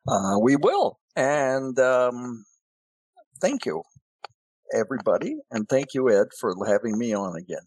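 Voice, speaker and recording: A man's voice: mid-range voice, lively intonation, measured pace, a little mellow, slightly rough, dry recording. A man as a podcast guest in casual chat, answering with short dry quips. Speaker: guest columnist.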